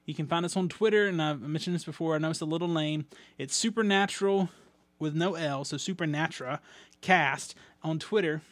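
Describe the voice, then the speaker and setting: A man's voice: fairly high pitch, fairly quick, no echo. A man hosting a podcast in a casual, rambling way with many ums and restarts, reading out listener mail. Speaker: podcast host.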